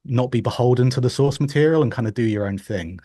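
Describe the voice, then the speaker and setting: A man's voice: medium pitch, fast, dark tone, breathy edge, no room sound, clean studio sound. A male interviewer asking long, winding questions full of hedging fillers.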